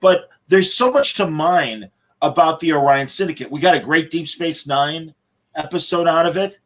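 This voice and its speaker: A man's voice: a little high, animated, moderate pace, poor audio. A man co-hosting a podcast, rambling enthusiastically through a fan critique in casual chat. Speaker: podcast co-host.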